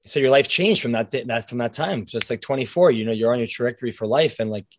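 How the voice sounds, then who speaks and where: A man's voice: medium pitch, fast, a little hiss or hum. A man hosting a podcast, asking long, rambling questions full of fillers. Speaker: podcast host. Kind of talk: casual interview conversation.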